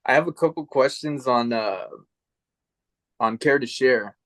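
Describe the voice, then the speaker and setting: A man hosting a podcast interview, talking in a relaxed, hesitant way with slang. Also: medium pitch, unhurried, no echo. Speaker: podcast host. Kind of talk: casual interview chat.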